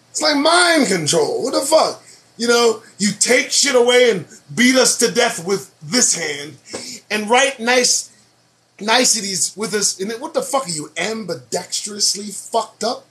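A man's voice: high voice, animated, measured pace, a bit bright. A man hosting his own show, reading news headlines aloud and reacting to them with profane, sarcastic commentary. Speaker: show host.

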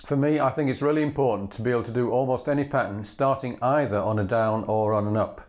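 A man's voice: mid-range voice, fast talker, faint music behind. Patient man teaching fiddle bowing. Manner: patient, methodical, sings rhythms aloud. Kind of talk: instructional demonstration. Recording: loud fiddle playing between phrases.

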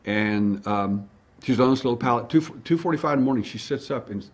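A man who investigates alien abduction cases, telling a story in an animated way and acting out the dialogue. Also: mid-range voice, quick pace, slightly rough. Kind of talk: storytelling monologue.

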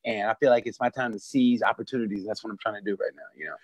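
A man's voice: on the low side, steady tone, very fast, no room sound. A man who is a comedian, chatting casually and animatedly, repeating words often, on a video call. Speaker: comedian guest. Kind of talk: casual chat.

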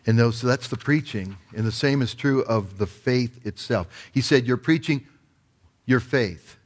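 A man's voice: mid-range voice, a little slow. A male pastor preaching a sermon. He tells the parable with energy and slips into acted-out voices for the people in it.

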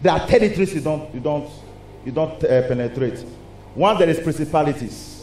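A man with a Nigerian accent preaching a lively sermon in a church, asking the congregation rhetorical questions. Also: on the high side, fairly quick. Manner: animated, call-and-response preaching with rhetorical questions. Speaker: pastor. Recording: echoey hall with faint noise.

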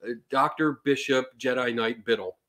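A man with a Philadelphia accent hosts a casual live-stream chat. His talk is jokey and rambling, full of restarts. He sits at mid pitch. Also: normal speed, pushed and bright. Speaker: host.

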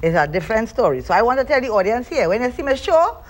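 A woman's voice: on the high side, sing-song, fast. A woman with a Trinidadian accent, a show host talking in a casual interview and tagging nearly every point with "you understand?" in Creole grammar. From Trinidad and Tobago.

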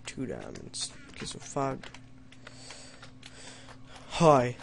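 A man's voice: medium pitch, wildly swooping pitch, drawn-out words, gravelly, background noise. A young man doing let's play commentary, reading story lines in a mock-dramatic tone and joking wryly at himself. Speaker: gamer playing an adventure map.

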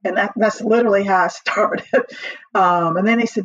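A middle-aged woman with a husky voice, a podcast guest telling her career story in a lively way, laughing often and acting out what she said back then. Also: mid-range voice, a little fast, dry recording, rough recording. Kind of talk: casual storytelling interview.

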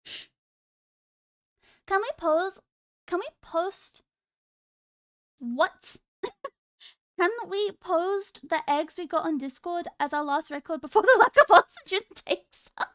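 A woman's voice: extremely high pitch, lively intonation, slow pace, pauses often, a bit bright, no room sound, studio quality. A young woman streamer chatting casually with her viewers in a playful, teasing way, laughing often.

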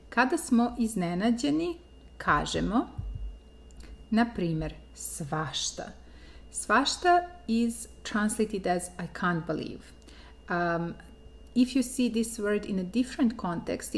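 A young woman whose first language is Serbian, teaching a language in a patient, clear way. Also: mid-range voice. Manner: patient, explains slowly and clearly. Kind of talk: online language lesson.

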